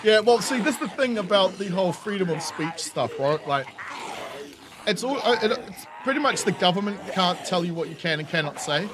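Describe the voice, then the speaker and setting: A man's voice: sits high, animated, brisk, noisy background. A man with a New Zealand accent, streaming a game and chatting casually with viewers, swearing and laughing as he rants. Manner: laughing, swearing, ranting to chat. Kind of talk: casual live-stream chat.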